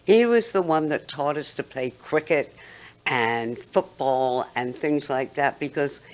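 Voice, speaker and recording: A woman's voice: a bass voice, unhurried. A woman in her seventies with a London accent, a guest who reminisces in a chatty way and often laughs while talking. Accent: London English. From London, England. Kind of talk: reminiscing interview talk.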